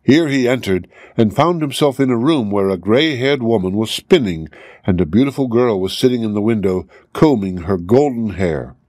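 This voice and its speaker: Low-voiced man reading a fairy tale. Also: lively intonation, normal speed, darkish tone, dry recording, clean studio sound. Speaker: storyteller. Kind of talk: audiobook narration for English learners.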